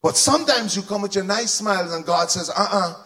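Man, very high voice, animated sermon, shouted emphasis, questions to the congregation. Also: fairly quick. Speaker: preacher.

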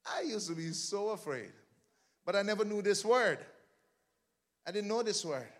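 A male pastor preaching with fervor, his high, bright voice leaping across a huge range. He swings from rising shouted refrains to teasing asides to the congregation. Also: expressive, moderate pace. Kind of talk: preaching a sermon.

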